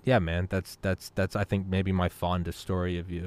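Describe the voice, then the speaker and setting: A man in his thirties hosting a podcast, telling stories in an animated, casual way, swearing freely and repeating words. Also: low-pitched, normal speed. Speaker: podcast host. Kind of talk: casual storytelling chat.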